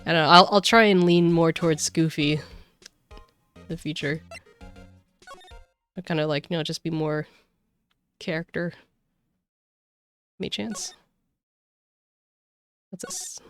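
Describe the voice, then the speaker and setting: A woman's voice: low-pitched, fairly even intonation, normal speed, pauses often, a bit bright, soft background music. A woman streamer chatting casually and rambling while she plays a game. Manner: chatty, rambling, many fillers.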